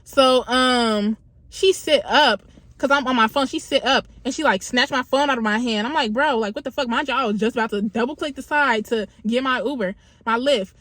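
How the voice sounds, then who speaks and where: A woman's voice: fairly high pitch, normal speed, a bit bright, no echo. A young woman telling a story in a casual, slangy, profane, conversational way as a vlogger.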